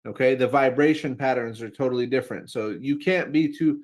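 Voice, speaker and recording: A man's voice: mid-range voice, fairly quick. A man coaching callers over a video call, emphatic and checking in with "right?" as he talks. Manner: emphatic, keeps asking right?. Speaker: sales coach. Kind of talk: coaching talk. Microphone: video call mic.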